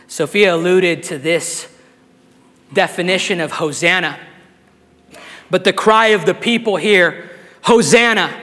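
A man, a pastor, delivering an impassioned sermon to a live congregation, building up to shouts and often restarting phrases. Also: high voice, in a large hall. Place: church sanctuary with a live congregation.

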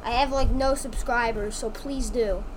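A woman's voice: on the high side, steady tone, normal speed, a crowd in the background. A young woman co-hosting a casual podcast, telling blunt, exasperated stories full of slang. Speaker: podcast co-host. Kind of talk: casual chat. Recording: noisy home recording.

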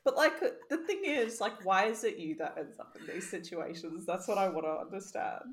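A woman's voice: medium pitch, big pitch swings, fairly quick. A young woman, co-hosting a casual podcast chat, teasing her friend and swearing casually. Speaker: podcast co-host.

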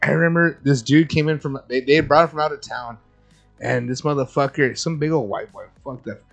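Profane storytelling man, higher voice. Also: creaky, faint music behind. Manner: profane, animated storyteller, quick to anger. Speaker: podcast co-host. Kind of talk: casual chat.

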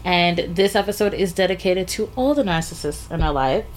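Woman podcast host, fairly low voice, blunt chatty storytelling. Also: normal speed, a little hiss or hum. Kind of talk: casual chat.

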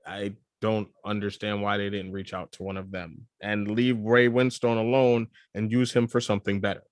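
Lower-voiced, hesitant male podcast co-host. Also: level tone, dry recording, clean studio sound. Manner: hesitant, restarts a lot, quick bursts. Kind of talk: casual chat.

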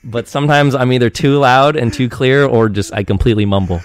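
A man's voice: medium pitch, fairly even intonation, a little fast. A young man from Eastern Washington, a podcast guest, chatting casually into a handheld mic and rambling with lots of restarts and fillers. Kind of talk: casual chat.

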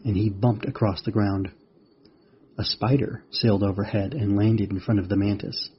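A man reading a children's story aloud as a podcast host, in a measured storytelling manner. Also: on the low side, a little hiss or hum. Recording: dull lo-fi recording.

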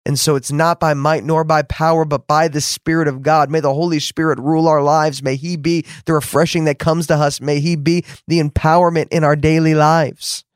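A man's voice: fairly high pitch, flat delivery, normal speed, few pauses, smooth, dry recording, studio quality. A man preaching a fervent podcast sermon, repeating words for emphasis and rising to exclamations.

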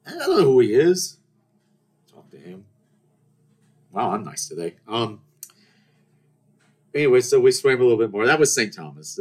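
Lively low-voiced young man telling stories. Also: husky. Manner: rambling, self-deprecating anecdotes with acted-out quotes. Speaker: podcast host. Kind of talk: casual storytelling monologue.

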